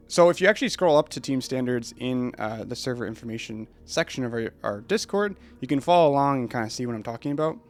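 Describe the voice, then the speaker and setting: Man, young adult, congested, nasal from a cold, casual, rambling, streaming mic, faint background music. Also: medium pitch. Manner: rambling, relaxed, with fillers. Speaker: esports team founder. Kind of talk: unedited casual announcement. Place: home streaming setup.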